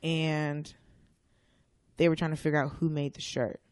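A man's voice: on the high side, flat delivery, measured pace, clear, resonant tone, no room sound. Blunt, dry-sounding male guest. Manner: blunt, swears freely, talks in bursts with restarts. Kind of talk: casual conversation.

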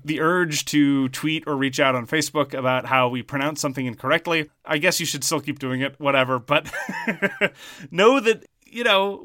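A man's voice: fairly high pitch, bright, forceful tone, no room sound, clean studio sound. A man with a Montreal Irish Anglo accent, co-hosting a podcast in a wry, wordy, pedantic chat. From French Canada. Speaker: podcast co-host.

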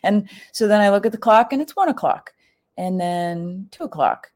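A woman's voice: animated, moderate pace, a little mellow. A middle-aged woman telling a personal story in a chatty, casual way, full of fillers and acting out what people said. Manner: chatty, full of "like" fillers, acts out quoted lines with big pitch jumps.

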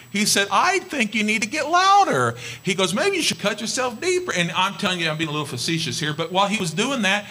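A man's voice: sits high, sharp tone. A man preaching a sermon, retelling a scripture story in an emphatic, conversational way.

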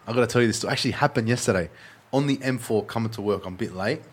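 A man with an Australian accent telling animated stories in a casual chat and swearing freely. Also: medium pitch, very fast, husky.

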